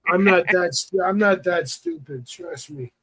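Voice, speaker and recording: A man's voice: sits high, a little slow, over a noisy crowd. A man in casual chat, making brief, dry remarks.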